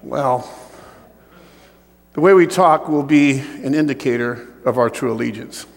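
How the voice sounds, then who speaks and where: A man preaching a sermon with personal testimony in an animated way, joking with the congregation. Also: mid-range voice, unhurried, gravelly, long reverb tail.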